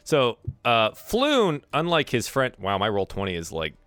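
A man's voice: medium pitch, huge pitch swings, unhurried, a bit bright, no echo. A man narrating as game master of a tabletop game, rambling with many fillers and restarts.

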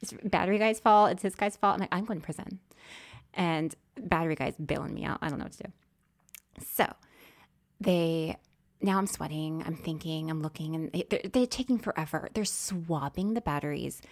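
A woman telling a story in casual chat, swinging from whispers to loud exclamations as she acts it out. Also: low voice, normal speed.

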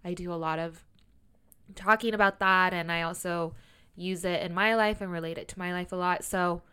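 A woman's voice: on the low side, fairly even intonation, normal speed, bright, forceful tone, clear, resonant tone. A woman hosting a podcast, chatting casually in a loose, reflective way with trailing phrases.

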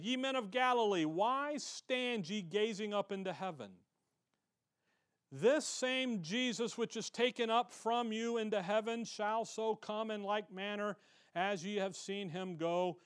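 High-voiced energetic male preacher. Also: clear, resonant tone. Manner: energetic preaching with scripture reading, swings between loud and quiet. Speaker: pastor. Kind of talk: sermon. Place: church.

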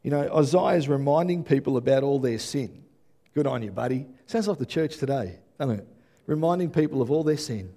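Earnest preacher with a mellow voice. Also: male voice, a little high, animated, a little fast. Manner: earnest, repeats words, rises to emphatic peaks. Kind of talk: sermon.

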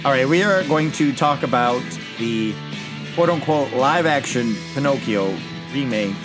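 Man, podcast host, casual film review chat, rambling, mid-pitched voice. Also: expressive, measured pace, music in the background. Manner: rambling, restarts, loses track of numbers.

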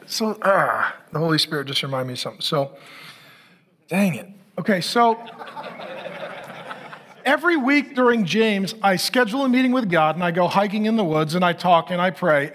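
In this sermon, a middle-aged male pastor whose voice sits high and sounds fairly bright pokes fun at himself. He openly recounts a story about his marriage to the people in the pews.

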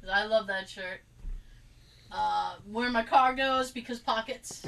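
A woman telling a story in casual chat, animated and laughing, acting out quotes as she rants. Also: a little high, a little slow, vocal fry, poor audio. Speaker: co-host.

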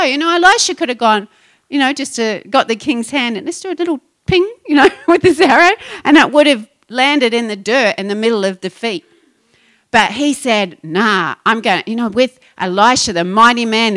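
A middle-aged woman pastor preaching a passionate, rising sermon to her congregation. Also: a little high. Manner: passionate, building to excited exhortation.

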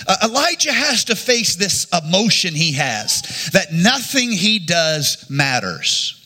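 A man's voice: sits high, very animated, slow, few pauses, sharp tone, husky. A middle-aged male pastor preaching a sermon in an earnest way, often restarting his phrases.

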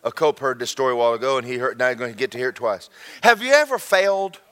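A man preaching a sermon, folksy and animated, repeating himself and breaking into shouted asides. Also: mid-range voice, rapid-fire. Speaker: pastor.

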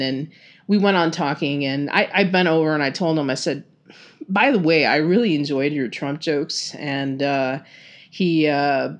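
A low-pitched woman with a Texan accent hosts a casual podcast. She chats her way through a story with plenty of ums and laughs. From Texas. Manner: chatty, many fillers, laughs often. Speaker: podcast host.

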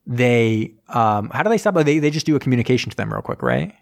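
A man chatting loosely as he retells a movie plot, jumping in and out of quick impressions of the characters. His pitch sits mid-range and he rambles with lots of "like"s. He has an easygoing, joking manner. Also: wildly swooping pitch. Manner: rambling, acts out scenes in quick voices. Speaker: podcast host recapping a film. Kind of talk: casual chat.

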